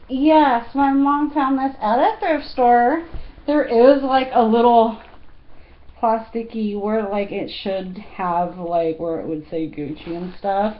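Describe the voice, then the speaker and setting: A woman's voice: a little high, measured pace, dull audio. A woman in her thirties chatting casually to her viewers, giggly and full of fillers. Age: 30s. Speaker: fashion vlogger. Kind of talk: casual chat.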